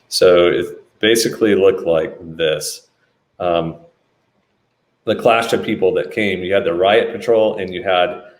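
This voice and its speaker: Low-voiced man, animated storyteller, roomy echo. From United States. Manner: animated, acts out quotes. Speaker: business leader telling a story. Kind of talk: storytelling talk.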